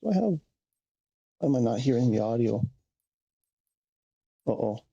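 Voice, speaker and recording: Man, gravelly mellow voice, rambling stream chatter, dull lo-fi sound. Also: mid-range voice, sing-song, measured pace. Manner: rambling, thinking aloud, self-correcting. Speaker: game streamer. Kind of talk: casual live-stream chat.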